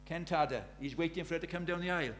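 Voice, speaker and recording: A middle-aged man preaching a sermon. He drops to near-whispers and then rises to loud, urgent questions. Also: fairly high pitch, quick pace, soft background music. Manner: swings from hushed intimacy to loud urgent questions.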